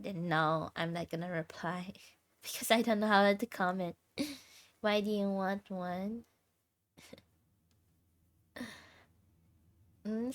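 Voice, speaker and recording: Young woman, livestreamer, tired, laid-back chat, lots of laughs, drawn-out pace, mid pitch. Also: dry recording. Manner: laughs often while chatting. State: tired, sleep deprived. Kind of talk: casual chat with viewers.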